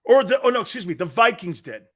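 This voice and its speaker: A man's voice: high-pitched, big pitch swings, quick pace, a bit bright. A man hosting a live sports talk show, brash and trash-talking, reading out listener comments and laughing often.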